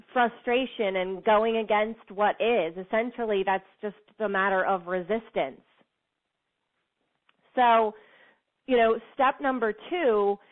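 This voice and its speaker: Earnest woman giving a tinny pep talk. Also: medium pitch. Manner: earnest, encouraging, repeats phrases for emphasis. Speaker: motivational speaker. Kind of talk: motivational talk to listeners. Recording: tinny phone-like sound.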